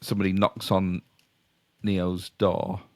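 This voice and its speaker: Low-voiced Yorkshire man, rambling. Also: flat delivery, slow, no room sound. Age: middle-aged. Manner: rambling, self-interrupting, chuckling explainer. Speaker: podcast co-host. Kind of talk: casual chat.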